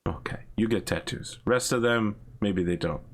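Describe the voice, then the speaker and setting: A man with a lowish voice runs a tabletop game, narrating scenes in a relaxed, unhurried way with plenty of ums. He chuckles along as he describes what the players see. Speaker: game master.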